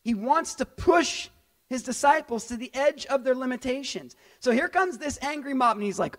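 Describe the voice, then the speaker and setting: A man with a very high voice preaches a sermon as a pastor, animated and conversational. He jumps into character voices for the people in his story. He is middle-aged and addresses the congregation directly. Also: normal speed.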